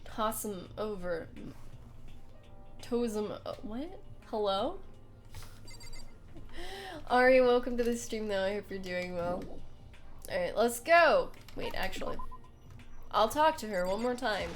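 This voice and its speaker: A woman's voice: on the high side, big pitch swings, takes it slowly, long pauses, soft background music. A young woman streaming a game, chatting casually and giggling as she greets her viewers. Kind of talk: casual live-stream chat during a game playthrough.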